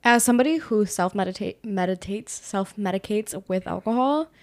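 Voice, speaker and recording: A woman's voice: mid-range voice, animated, moderate pace. A woman co-hosting a podcast in casual chat. She is brash, profane and teasing. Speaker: podcast co-host.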